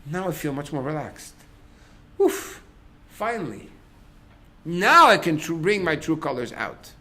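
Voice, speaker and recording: A middle-aged man, a rabbi, giving a lecture to a class on relationships. He tells stories in a lively way, acts out what people say, and breaks into sudden loud outbursts. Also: a little high, creaky, slight background noise. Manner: animated storyteller, acts out quotes, sudden loud bursts.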